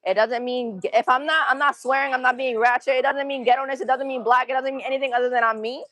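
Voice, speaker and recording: A woman's voice: high-pitched, steady tone, fast, a bit bright, poor audio. Woman with a Massachusetts accent, gym livestream. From Massachusetts, USA. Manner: counts reps aloud between chatty asides to viewers. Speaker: fitness livestreamer. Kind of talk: casual gym livestream chat. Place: gym, indoors.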